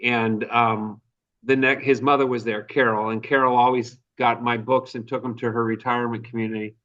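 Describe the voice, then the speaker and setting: A man's voice: mid-range voice, little pitch movement, normal speed, a bit bright, distant mic, muffled recording. A man, an author guest on a podcast, telling an earnest anecdote in a conversational way. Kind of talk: conversational storytelling.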